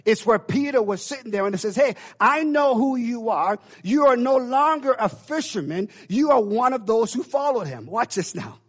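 A middle-aged male pastor preaching a sermon, swinging from loud emphatic declarations to hushed low asides with call-and-response phrases. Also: expressive, moderate pace, hardly any pauses.

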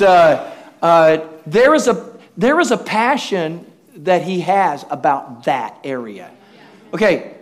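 A man preaching with an unusually high, bright-sounding voice. He tells lively, humorous stories, slips into quick impressions of the people he describes, and keeps turning to the congregation for an amen. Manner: animated storytelling, acts out quoted voices with humor; asks the congregation for responses. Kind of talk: sermon.

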